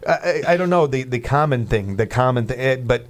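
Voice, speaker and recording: A man's voice: medium pitch, lively intonation, normal speed. A man hosting a morning radio show, talking in a chatty, rambling way full of restarts and fillers. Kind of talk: casual morning radio chat.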